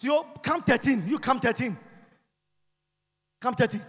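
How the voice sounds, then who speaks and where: A man preaching a lively sermon in a church, shouting, chanting and singing out phrases. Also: extremely high pitch, measured pace, slightly rough. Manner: shouts and chants, sings phrases, mimics people. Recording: long reverb of a church hall.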